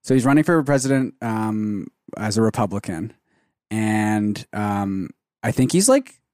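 A man's voice: fairly low pitch, expressive, unhurried, a little mellow, no room sound, studio quality. A man co-hosting a casual comedy podcast, rambling with lots of fillers and amused by his own jokes. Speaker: podcast co-host. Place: Canadian studio show.

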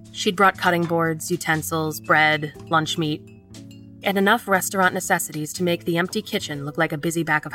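A woman with a fairly low voice reads a first-person horror story. Her telling is measured and tense, with faint music underneath. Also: pushed and bright, recorded from a distance. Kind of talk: scripted first-person narration.

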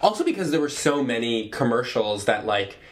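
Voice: mid-range voice, big pitch swings, a little fast. A podcast co-host talks through a blocked, congested nose. The chat is casual, and the co-host keeps breaking in with encouraging agreement. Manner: encouraging, frequent agreeing murmurs.

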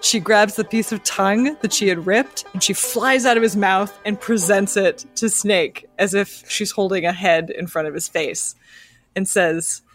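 Woman, tabletop player, casual storytelling, mid pitch, faint music. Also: unhurried. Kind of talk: tabletop game play.

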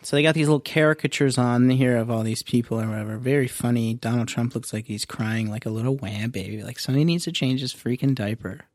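A man's voice: medium pitch, quick pace, hardly any pauses, no room sound, studio quality. A man co-hosting a podcast, swearing freely in laid-back, casual chat. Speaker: podcast co-host.

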